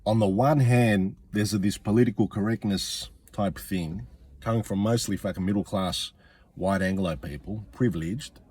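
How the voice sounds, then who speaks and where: A man's voice: lowish voice, normal speed, a little mellow, slightly rough, no room sound. A man, a comedian ranting bluntly and swearing often, repeating his points for emphasis. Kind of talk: profane comic rant.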